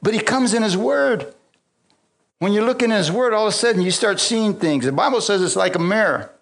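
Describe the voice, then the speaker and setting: A man's voice: high-pitched, lively intonation, fairly quick, creaky. A man preaching a sermon, mixing scripture with personal stories, frequent hallelujahs and call-outs to the congregation, and chuckling often. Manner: swings between loud exclamations and quiet asides. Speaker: pastor.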